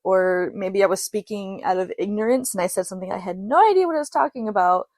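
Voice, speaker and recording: A young adult woman hosting a podcast, chatting casually and laughing often as she tells stories and quotes others in quick asides. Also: mid-range voice, darkish tone, no echo. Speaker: podcast host. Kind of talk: casual solo podcast storytelling.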